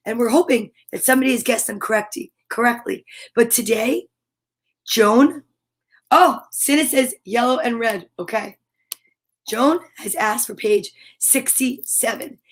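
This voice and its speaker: Bubbly high-voiced woman hosting kids' livestream. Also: normal speed, husky. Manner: bubbly, sing-song, reads viewer comments aloud. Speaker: livestream storytime host. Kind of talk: chatty livestream for kids.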